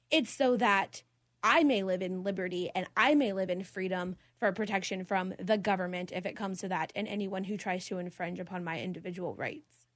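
A woman's voice: mid-range voice, a bit bright, no room sound, clean studio sound. A woman in her twenties hosting a talk show, blunt and opinionated, laughing often. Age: 20s. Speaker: podcast host. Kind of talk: casual debate chat.

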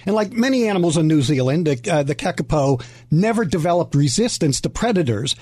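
A man's voice: fairly high pitch, expressive, fairly quick, a little mellow, husky, no room sound, clean studio sound. A man co-hosting a radio show, eagerly explaining an item, agreeing readily and stumbling over his words. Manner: eager, agreeable, storytelling with hesitations. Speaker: radio co-host. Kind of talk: playful radio banter.

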